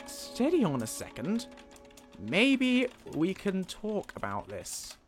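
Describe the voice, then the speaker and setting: A man's voice: high voice, huge pitch swings, slow pace, soft background music. A man casually narrating and thinking aloud while playing a game, with fillers and self-corrections.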